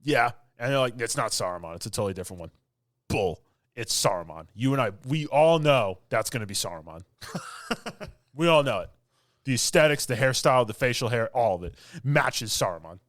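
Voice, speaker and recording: A man's voice: medium pitch, expressive, moderate pace, a bit bright, no room sound, studio quality. A man co-hosting a podcast, ranting in casual chat with mocking mimicry and blunt complaints. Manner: ranting, exasperated, mocking quotes. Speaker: podcast co-host.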